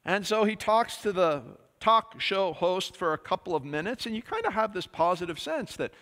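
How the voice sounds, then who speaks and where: Bright-voiced man preaching in a reverberant church. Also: high-pitched, lively intonation, moderate pace. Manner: conversational preaching with many fillers. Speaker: pastor. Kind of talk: sermon. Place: church sanctuary.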